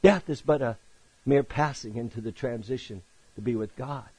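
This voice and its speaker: A man preaching a sermon. He reads scripture aloud, rising to loud emphatic peaks and then dropping to hushed, low passages. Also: moderate pace, breathy edge, no echo, low-quality recording.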